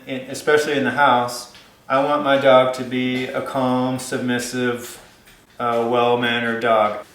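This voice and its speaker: A man's voice: mid-range voice, fairly bright tone, reverberant, rough recording. A man giving dog-training advice in a casual, rambling way, with many fillers and restarts.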